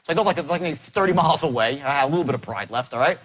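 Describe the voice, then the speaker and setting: A man giving a motivational sales lecture to a live audience. He tells his stories in a boastful, animated way, full of punchy phrases. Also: fairly high pitch, rapid-fire, poor audio.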